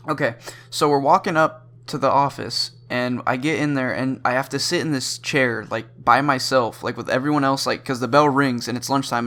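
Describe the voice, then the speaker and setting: A teenage boy rambles through a storytime vlog about school, leaning on fillers all the way. His pitch sits in the ordinary middle for a guy, though it jumps high when he reenacts his own panic. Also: fairly bright tone. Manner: acts out his own panicked reactions in sudden high bursts. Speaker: vlogger.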